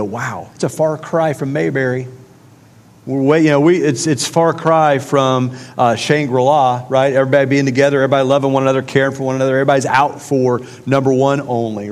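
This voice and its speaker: A pastor delivers a sermon in a large hall whose long reverb trails his mid-range, slightly mellow voice. His preaching is conversational, driven by emphatic repetition.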